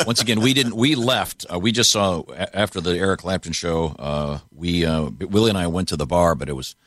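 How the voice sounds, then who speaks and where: A man's voice: low voice, a little fast, a bit bright, dry recording, clean studio sound. A man hosting a radio show, joking through casual banter with his co-hosts and chuckling between his lines. He often trails off with fillers.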